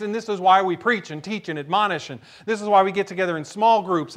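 A man preaching a sermon as pastor, telling a story with animated shouts. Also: high voice.

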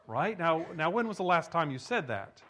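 A man's voice: on the high side, big pitch swings, moderate pace, a bit bright. A man preaching a sermon, reading scripture with emphasis and then talking to the congregation in a conversational way, often repeating words as he goes. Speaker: pastor.

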